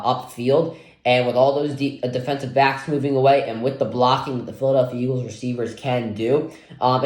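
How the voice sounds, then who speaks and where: A young man giving a casual solo football preview, rambling with lots of fillers. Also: mid-range voice. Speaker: sports vlogger previewing a game. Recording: echoey room.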